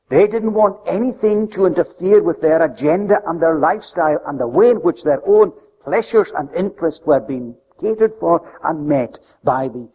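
A man preaching a sermon with an emphatic delivery that swings between loud, high stresses and soft, low drops. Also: slightly rough. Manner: emphatic, rising and falling delivery. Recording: lo-fi recording with long hall reverb.

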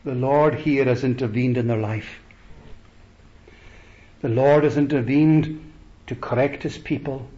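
A man preaching a sermon slowly and deliberately, rising to emphatic peaks and letting phrases trail off softly. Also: mid-range voice, lo-fi sound.

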